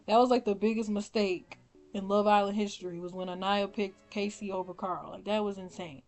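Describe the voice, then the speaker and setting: A young woman vlogger giving casual, opinionated commentary, animated and blunt, often laughing and swearing. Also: medium pitch, fairly quick, soft background music. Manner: animated, swears, laughs often, mimics her own reactions. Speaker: vlogger ranking reality show contestants.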